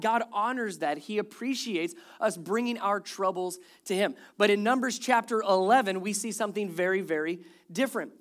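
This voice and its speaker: A pastor preaching a sermon, telling scripture stories in a lively way and joking with the listeners. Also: mid-range voice. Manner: animated storytelling, acts out quoted complaints; jokes with the congregation.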